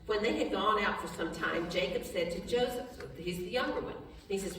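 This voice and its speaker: A woman's voice: medium pitch, far from the mic, noisy background. Woman teaching Bible study in an echoey hall. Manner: reads scripture aloud and breaks off to explain it; plain talk with restarts, brief laughs, soft and slow in prayer.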